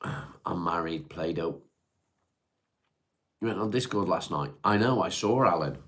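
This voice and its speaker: A man's voice: sits low, lively intonation, a little slow, fairly bright tone. A man, casually chatting on a livestream, reading and answering viewer comments in a laid-back way, sighing and humming to himself between them. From North West England. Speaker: livestream host. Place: at home.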